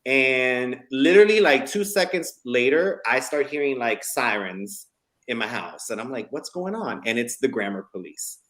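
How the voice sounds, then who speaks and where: A man in the middle of a lively talk show segment, reading out funny messages with lots of energy. His voice sits at an ordinary middle pitch, and his delivery is casual and chatty. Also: normal speed. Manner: animated storyteller reading funny texts aloud.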